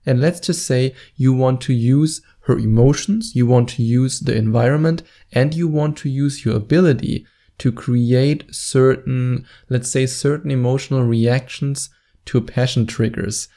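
A man's voice: medium pitch, steady tone, measured pace, warm tone. A man giving dating advice straight to camera in a confident, instructive way, stretching words out for emphasis. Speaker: dating coach. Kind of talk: direct-to-camera advice monologue.

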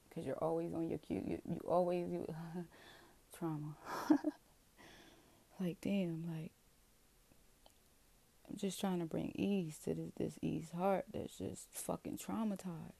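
A woman talking straight to her viewers in a rambling, profane, self-questioning confessional. Her voice is dark and gravelly with heavy vocal fry. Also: sits low, fairly even intonation, unhurried, pauses often. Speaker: vlogger. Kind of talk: candid confessional monologue.

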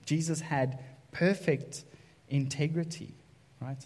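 A man's voice: a little high, steady tone, slow, a little mellow. A man preaching a conversational sermon as pastor, often checking in with "right?". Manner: conversational, keeps asking "right?". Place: church sanctuary. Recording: echoey church hall reverb.

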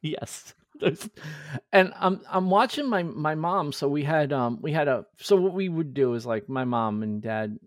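A man's voice: fairly high pitch, measured pace, dry recording. A man in his forties hosts a casual podcast and tells stories with lots of swing in his voice, jumping up and down as he acts out what other people said. He sounds close and dry on the mic, with no room around him. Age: 40s. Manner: animated storyteller, acts out quoted voices. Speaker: podcast host. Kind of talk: casual chat.

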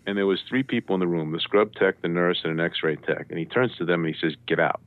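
A man telling a story as a radio show guest, lively and jokey, acting out the voices of the people in it. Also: low-pitched, fast. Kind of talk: animated storytelling. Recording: dry tinny phone line.

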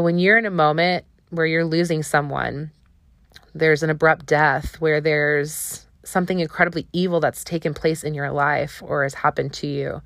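A woman's voice: sits low, fairly bright tone, no room sound, studio quality. A young woman hosting a podcast, talking earnestly and searchingly about faith, with frequent "like" and "um". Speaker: podcast host. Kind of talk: personal reflective podcast monologue.

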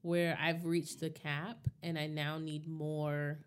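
A woman's voice: sits low, flat delivery, slow, smooth. A woman co-hosting a casual talk, speaking candidly and reflectively and often checking in with her listener. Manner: candid, reflective, often asks "you know what I mean". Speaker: podcast co-host. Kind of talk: casual chat.

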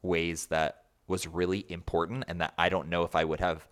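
A very low-pitched man talks as a podcast guest over a remote call. His storytelling is loose and rambling, stuffed with likes and you-knows. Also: moderate pace. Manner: rambling, animated, filler-heavy with many likes and you-knows. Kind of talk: casual conversational storytelling.

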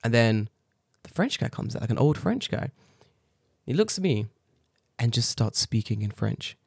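A man from England chatting casually, telling animated stories full of swearing. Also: medium pitch, normal speed, gravelly, husky, no room sound, studio quality. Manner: swearing, animated storytelling with laughs. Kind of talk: casual chat. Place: living in Japan.

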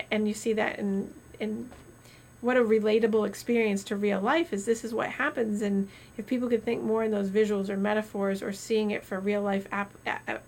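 A woman doctor chatting casually on a podcast, telling stories animatedly with metaphors and restarts. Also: medium pitch. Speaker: doctor co-host.

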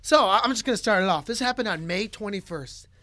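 A man co-hosting a casual podcast, telling a story in an animated way with many fillers. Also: high-pitched, fast, no room sound, clean studio sound. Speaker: podcast co-host.

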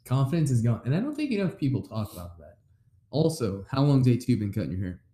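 A man's voice: medium pitch, sing-song, quick pace, mellow. Teasing man in an echoey room. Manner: joking, teasing, crude. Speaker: podcast host. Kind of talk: casual chat.

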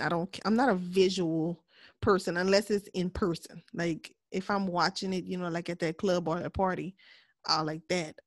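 A woman co-hosting a podcast in casual chat, candid and laughing often, sometimes dropping to a soft voice. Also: lowish voice, dry recording. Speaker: podcast co-host.

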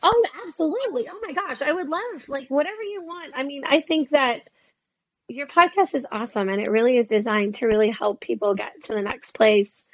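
A woman in her fifties chatting as a guest in an interview, animated and acting out the voices she quotes. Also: high voice, a little fast, no room sound. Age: 50s. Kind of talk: casual interview chat.

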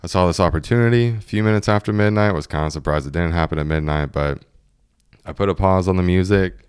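A man's voice: low-pitched, fast talker, clear, resonant tone, dry recording, clean studio sound. A young man in his twenties casually telling a story, laughing often and acting out what his friends said.

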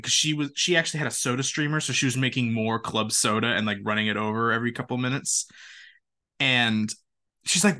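Young male co-host, bright edgy voice, animated casual storyteller. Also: mid-range voice, fairly quick. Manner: animated, laughing, quotes friends in voices. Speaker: podcast co-host.

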